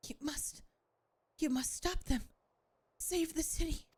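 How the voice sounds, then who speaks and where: A woman voicing a desperate ally who urgently begs for help in a hushed voice, reading game lines aloud. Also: high voice, slow, pitched above the performer's own voice. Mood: pleading.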